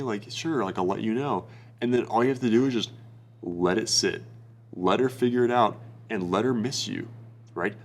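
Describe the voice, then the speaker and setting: Blunt, foul-mouthed young male dating coach. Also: lowish voice. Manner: blunt, profane, bro-ish. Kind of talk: casual advice monologue.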